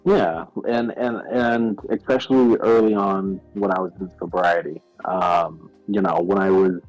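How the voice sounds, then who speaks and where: A man joining a casual chat about staying sober, reflective, often pausing to find his words. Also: low-pitched, steady tone, darkish tone, no room sound, lo-fi sound, faint music behind.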